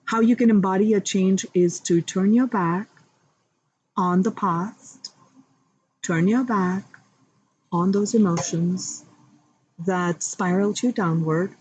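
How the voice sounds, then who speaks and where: A woman giving a live tarot reading, speaking warmly and directly to her viewers with affirming spiritual encouragement. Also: medium pitch, takes it slowly, long pauses, lo-fi sound, slight background noise. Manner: chatty, addresses viewers directly. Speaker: tarot card reader.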